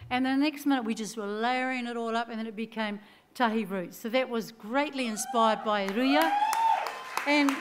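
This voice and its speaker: A woman's voice: on the high side, normal speed, background noise. A woman with a New Zealand accent giving a chatty acceptance speech, full of anecdotes and quoted voices. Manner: chatty, animated storytelling with laughs and quoted voices. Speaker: award-winning singer giving acceptance speech.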